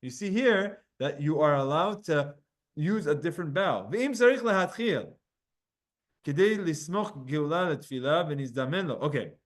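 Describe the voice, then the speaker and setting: High-voiced man teaching a Talmud class. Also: animated. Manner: explains texts, reading Hebrew and Aramaic aloud and translating with quick asides; speaks directly to students by name.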